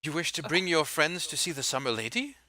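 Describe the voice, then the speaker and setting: A man's voice: a little high, fairly quick, bright, forceful tone. A man voicing a gleeful summer elf who repeats himself in delight. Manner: sing-song, delighted repetition.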